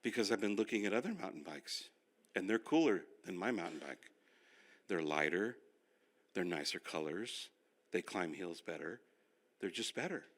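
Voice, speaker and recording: Bright-voiced, animated older male pastor. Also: sits low, moderate pace, pauses often. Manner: animated, self-deprecating storytelling. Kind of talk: sermon-style finance class.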